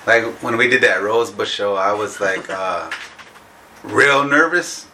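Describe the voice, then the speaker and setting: A man's voice: fairly low pitch, unhurried, bright, forceful tone, slight background noise. A man co-hosting a podcast in casual chat, easygoing and chuckling as he talks, often stopping to restart. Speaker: podcast co-host and performer.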